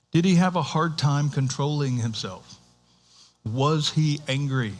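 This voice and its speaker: A man preaching in church with a middle-pitched voice. He talks to the congregation like it's a chat, with asides and restarts, and his voice lifts when a point excites him. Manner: conversational, animated, with restarts and asides. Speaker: pastor. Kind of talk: sermon.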